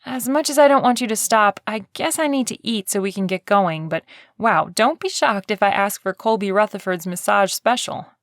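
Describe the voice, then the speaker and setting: Audiobook heroine: woman narrator doing a bright, breezy young woman, lifted tone. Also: mid-range voice, moderate pace, hardly any pauses, dry recording, studio quality, natural voice. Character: cheerful young woman radio celebrity, flustered. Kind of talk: audiobook character voice.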